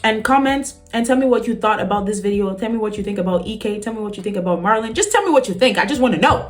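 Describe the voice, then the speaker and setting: A woman's voice: medium pitch, expressive, fast talker, few pauses, soft background music. A woman hosting a reaction vlog, talking casually to her viewers with teasing asides and frequent laughter. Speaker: reaction channel host. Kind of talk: casual commentary to camera.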